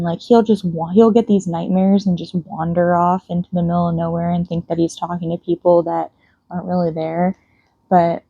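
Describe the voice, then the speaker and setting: Gravelly husky young woman, rambling casually. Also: lowish voice, mellow, no room sound, highs cut off. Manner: rambling and chatty, with many fillers and trailing restarts. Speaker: book vlogger. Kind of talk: casual chat while reading and painting nails. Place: at home.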